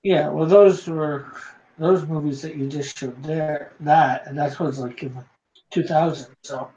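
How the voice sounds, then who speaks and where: A man hosting a live drawing stream, reading viewer comments aloud in a halting way, with many fillers. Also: a little high, fairly even intonation, dark tone. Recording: dull lo-fi stream audio.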